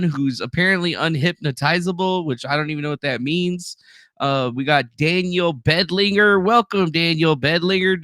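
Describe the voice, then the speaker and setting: A man's voice: on the high side, sharp tone, clear, resonant tone, dry recording, clean studio sound. A man hosting a live stream in a loose, rambling way, swearing and reading out viewers' names from the chat. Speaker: livestream host.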